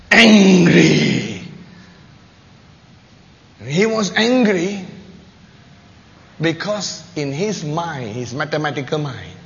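Bright-voiced male preacher in a reverberant hall. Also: high voice. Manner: animated, acts out the characters with emphatic repetition. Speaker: pastor. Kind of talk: sermon. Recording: dull sound with long hall reverb.

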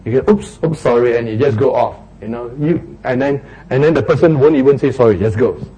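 A man's voice: mid-range voice, fairly quick, dark tone, husky, poor audio. A man, preaching a sermon and acting out little street quarrels in raised voices.

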